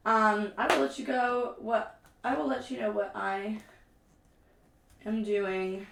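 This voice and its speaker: Slow, gravelly young woman streaming. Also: mid-range voice, steady tone, a bit bright. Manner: self-deprecating, complaining, chatty with viewers. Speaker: livestreamer. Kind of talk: casual live-stream chat. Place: room at home. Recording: echoey room with faint background hum.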